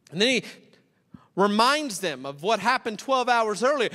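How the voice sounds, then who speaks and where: A man preaching a sermon, acting out both sides of a parable in animated storytelling. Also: sits high, normal speed. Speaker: pastor. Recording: long hall reverb.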